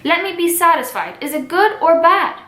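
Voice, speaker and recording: An eager, lovesick teenage girl, read aloud by a woman in a high, bright voice. She talks as if reading straight from the script, with little put-on change. The sound is roomy and echoey. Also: very animated, moderate pace, full character voice. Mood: impatient.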